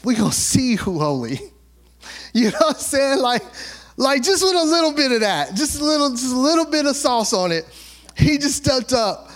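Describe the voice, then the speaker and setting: Lively high-voiced pastor preaching casually. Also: male voice, moderate pace. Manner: conversational, playful, acts out quotes, laughs often. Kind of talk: sermon.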